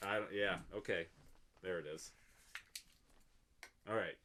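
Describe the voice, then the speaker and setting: A man's voice: deep voice, steady tone, measured pace, sharp tone, a little hiss or hum. A man co-hosting a casual drinking show, joking around and laughing often. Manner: playful, laughs often, reads labels in a mock voice. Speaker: podcast co-host.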